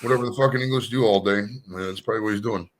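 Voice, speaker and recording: A man's voice: fairly low pitch, rapid-fire. An American man chatting casually on a stream, rambling and swearing freely as he tells stories. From United States. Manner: profane, rambling, emphatic. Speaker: painting stream host. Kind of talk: casual chat.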